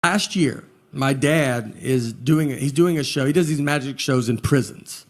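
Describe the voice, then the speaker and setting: A man telling a story in a stand-up set, unhurried, with deadpan asides. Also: mid-range voice. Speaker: stand-up comedian.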